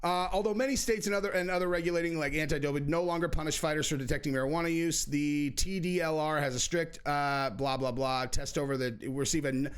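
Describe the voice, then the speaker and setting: A man's voice: fairly high pitch, fast talker, few pauses, smooth. A man giving casual commentary, sarcastic, often acting out other people's lines in changed voices. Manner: sarcastic, acts out quotes with shifting voices.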